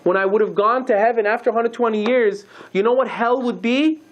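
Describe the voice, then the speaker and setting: Man giving an animated sermon. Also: very high voice, fairly quick, highs cut off. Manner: animated storyteller acting out quoted dialogue. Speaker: rabbi. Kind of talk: sermon with storytelling.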